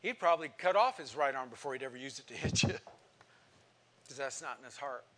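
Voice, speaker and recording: A man in his sixties teaching a Bible class in sermon style, reading scripture with passion and swinging from soft to loud. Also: mid-range voice, lively intonation, moderate pace. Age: 60s.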